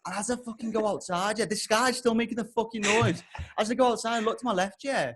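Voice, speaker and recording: A young man on a podcast, telling a comic story with heavy swearing and loud, exasperated outbursts. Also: sits high, fast, breathy edge. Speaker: podcast co-host.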